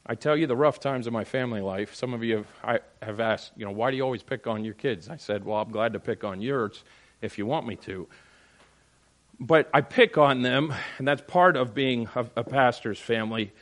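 A middle-aged man preaching a sermon as pastor, animated and emphatic, firing rhetorical questions at the congregation. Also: mid-range voice, moderate pace. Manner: animated preaching, rising to loud emphatic peaks.

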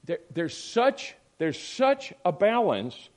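Middle-aged male Sunday school teacher, emphatic delivery, slips into quick impressions of others. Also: high-pitched, sing-song. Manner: emphatic, acts out other people's voices. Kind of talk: teaching a church class.

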